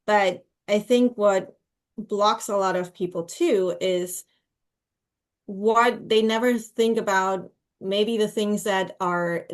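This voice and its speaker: A woman co-hosting a podcast, speaking in a relaxed, reflective way about her own experience. She thinks aloud as she goes, with casual fillers, and her pitch sits in an ordinary middle range.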